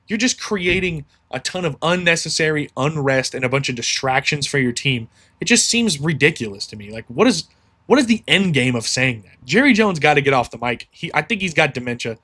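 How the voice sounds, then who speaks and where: A man's voice: fairly high pitch, a bit bright. A man hosting a solo sports podcast, ranting heatedly and swearing freely.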